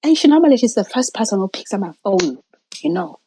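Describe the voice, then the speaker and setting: A woman's voice: medium pitch, big pitch swings, fast talker, warm tone, slightly rough, no room sound, rough recording. A woman guest telling a personal story, acting out quoted voices and dropping to near-whispers.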